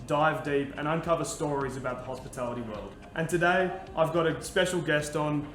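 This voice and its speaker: A man's voice: fairly high pitch, brisk, a bit bright, faint music behind. A young man hosting a casual talk show, chatty and upbeat as he talks viewers through making a cocktail. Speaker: podcast host and bartender. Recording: echoey room with background noise.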